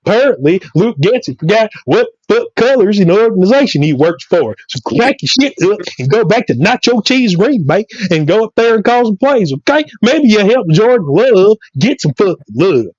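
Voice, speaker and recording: A man with a Southern US accent co-hosting a sports show, delivering loud, repetitive, profane trash talk as a comedic rant. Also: sits high, very animated, normal speed, hardly any pauses, no echo. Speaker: sports podcast co-host. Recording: dry, dull lo-fi mic.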